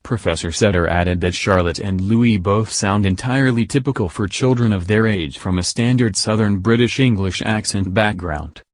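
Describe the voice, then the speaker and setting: A man narrates a news piece in a lowish voice. His delivery is steady and read-aloud. The recording is dry, with no room sound. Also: normal speed, few pauses, no room sound.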